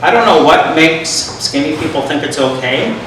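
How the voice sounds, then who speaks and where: Middle-aged man doing stand-up, self-deprecating and deadpan, on a mic set back in a very echoey club. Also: on the high side, normal speed, background noise. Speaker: stand-up comedian. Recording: echoey room, mic from far off.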